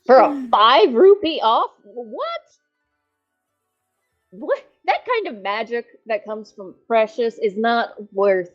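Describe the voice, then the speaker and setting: Woman doing a proud fey trickster, fussy haggler, lively up-and-down voice, bit muffled, faint music. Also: fairly high pitch, slow, heavily acted. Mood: indignant. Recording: slightly dull lo-fi audio.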